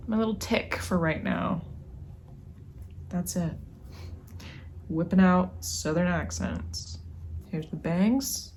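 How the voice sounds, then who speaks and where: A woman's voice: on the low side, creaky, slight background noise. A young woman casually chatting at home while she crochets, rambling and muttering to herself with sighs as she works. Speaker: crochet vlogger.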